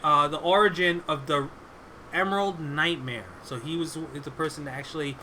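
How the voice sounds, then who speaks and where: A man's voice: a little high, normal speed, pushed and bright, a little hiss or hum. A man hosting a casual gaming podcast, eagerly reading his list of facts off his notes. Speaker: podcast host.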